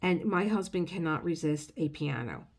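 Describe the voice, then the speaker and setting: A woman's voice: deep voice, animated, moderate pace, slight background noise. A middle-aged woman telling a rambling, emotional story in a casual vlog. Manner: chatty, rambling, emotional, restarts often. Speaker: craft video creator.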